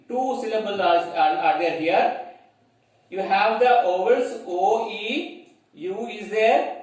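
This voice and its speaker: A man with a Telugu-accented English explains grammar slowly and repeats himself often, in a high voice. He is heard from a distance in a very echoey room. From India. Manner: slow, repetitive, spells words letter by letter, checks in with "clear, children?". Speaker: English teacher. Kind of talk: classroom grammar lesson.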